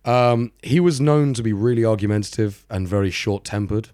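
Wry low-voiced man telling a story. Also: moderate pace, a little mellow, no echo, clean studio sound. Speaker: podcast co-host. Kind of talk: casual chat, storytelling true crime.

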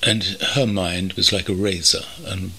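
An older man from North London, reminiscing thoughtfully as an interview guest, pausing often with ums. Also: deep voice, fairly even intonation, bright, forceful tone, a little hiss or hum. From North London, England. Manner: thoughtful, measured, with many pauses and ums. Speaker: interview guest, veteran copywriter. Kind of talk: reflective reminiscing. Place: country home.

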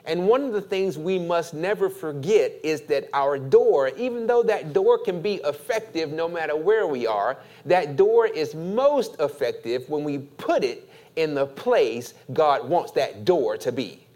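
Pastor type, male, preaches slowly with a lively, rising and falling delivery. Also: fairly high pitch. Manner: slow, deliberate preaching with call-and-response. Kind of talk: sermon.

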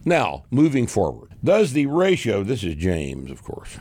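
A man's voice: lowish voice, a little slow, few pauses, breathy edge, dry recording. A man hosting a podcast, chatting casually, swearing freely and laughing as he tells stories and answers listener questions. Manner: profane, laughing, animated storyteller. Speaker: podcast host.

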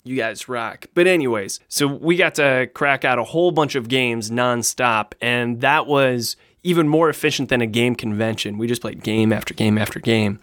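A man co-hosting a podcast about board games, chatting in an animated, enthusiastic way. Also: mid-range voice, moderate pace, few pauses, no echo, clean studio sound. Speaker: podcast co-host. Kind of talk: casual chat.

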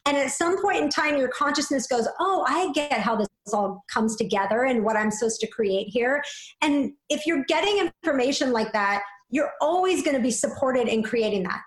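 A woman with a high, light voice talks in a relaxed conversation. She muses in a flowing way, tagging thoughts with "like" and "right?". The room around her rings with echo. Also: moderate pace. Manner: flowing, reflective, many "like" and "right?" fillers. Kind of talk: casual conversation.

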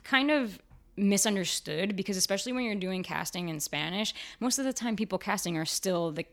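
A woman actor and writer talking frankly in a casual interview, full of "like" fillers, her voice jumping high whenever she quotes herself. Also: fairly quick. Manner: chatty and frank, fillers like "like", jumps high when quoting herself. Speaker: actor and writer, podcast guest.

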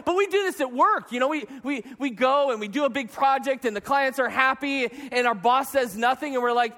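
High-voiced pastor guy preaching in church, funny animated stories, long hall echo. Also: fast talker, few pauses. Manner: animated storytelling with self-mocking humor. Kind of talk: sermon.

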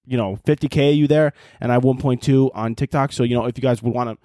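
A man's voice: mid-range voice, fairly even intonation, fast, mellow, no echo, clean studio sound. Rambling, cursing podcast host, a man. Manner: rambling, profane, jokey, self-interrupting. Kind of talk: casual solo podcast chat.

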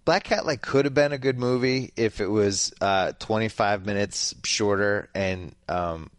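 Low-voiced man, dry close sound. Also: clear, resonant tone, no room sound. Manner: offhand and wry, talks in quick bursts. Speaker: podcast host. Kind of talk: casual chat.

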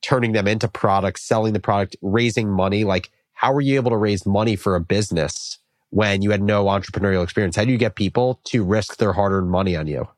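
Low-voiced male interviewer, dry sound. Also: no echo. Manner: measured, thoughtful questioning. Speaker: interview host. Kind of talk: interview questions and voice-over.

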